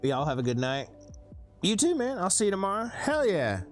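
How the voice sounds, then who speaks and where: A man's voice: sits high, huge pitch swings, normal speed, faint music behind. A man with a thick Southern US accent chatting casually with viewers on a live stream, laid-back and rambling.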